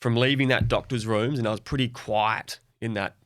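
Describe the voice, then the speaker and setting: Soft-spoken Australian man, dry close sound. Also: mid-range voice, steady tone, normal speed, no echo. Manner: open, reflective, soft-spoken. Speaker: podcast guest. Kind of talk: candid podcast conversation.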